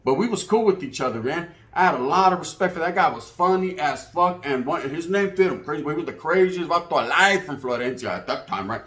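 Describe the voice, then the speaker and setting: A man, telling street stories casually in his own slangy way. His voice sits a bit high for a man. There is a roomy echo around him. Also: animated, a little fast, hardly any pauses, a bit bright. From California. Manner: streetwise, slangy, acts out other people's lines. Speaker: guest storyteller. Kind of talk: casual storytelling.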